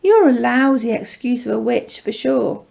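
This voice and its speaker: A woman voicing a tall male faerie who teases in an amused, unhurried way. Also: fairly high pitch, lively intonation, creaky, darkish tone, full character voice. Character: tall smirking male faerie, teasing and mischievous.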